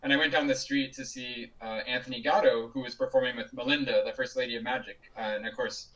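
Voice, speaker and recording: A man's voice: medium pitch, fairly even intonation, fast, a bit bright, far from the mic, low-quality recording. A man being interviewed over a video call, telling stories casually with frequent laughs and restarts. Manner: chatty, laughs often, many restarts. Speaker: juggler and guest.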